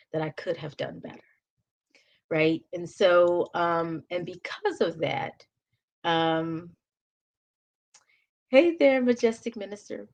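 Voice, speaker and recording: A middle-aged woman talking through her phone on a live stream, chatty and rambling. Her voice sits a little low and lifts with bursts of laughter as she greets the viewers. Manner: chatty, rambling, frequent restarts. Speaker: author hosting a live stream. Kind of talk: casual live-stream chat.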